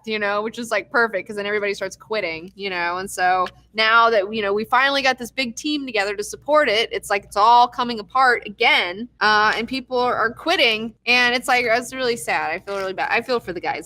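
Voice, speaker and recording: A young woman casually recapping a TV episode, swearing freely, excitable and acting out characters' lines. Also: on the high side, a little fast, hardly any pauses. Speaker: TV recap host.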